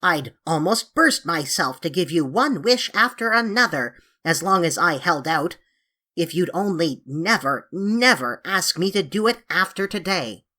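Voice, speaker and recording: A woman's voice: lowish voice, lively intonation, unhurried, sharp tone, heavily acted. A woman voicing a grumpy, self-pitying male sand fairy who gripes and whines, reading an audiobook of a classic children's story. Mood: grumbling. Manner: gruff and complaining, voice cracking.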